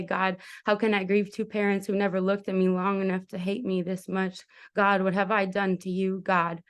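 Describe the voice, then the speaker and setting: A woman's voice: medium pitch, clean tone. A young woman performing a spoken word poem at an open mic, addressing God over and over with raw intensity. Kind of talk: spoken word poetry reading.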